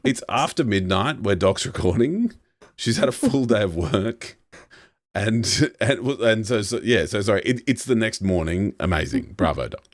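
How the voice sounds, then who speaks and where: A man's voice: lowish voice, animated, moderate pace. A man co-hosting a podcast, wry and rambling, drifting into self-deprecating asides. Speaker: podcast co-host. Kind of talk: casual chat.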